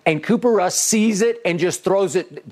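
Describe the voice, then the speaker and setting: Male sports talk host, slightly high voice, emphatic, stammering repetitions. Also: normal speed, darkish tone. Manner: emphatic, repeats words at starts, rhetorical questions. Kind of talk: animated football analysis chat.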